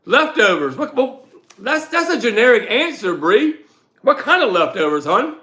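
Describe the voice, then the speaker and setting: Loud, bright-voiced man hosting a live stream. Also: very high voice, normal speed. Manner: loud, animated, chatty. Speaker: livestream host and reseller. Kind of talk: casual live-stream chat answering viewers.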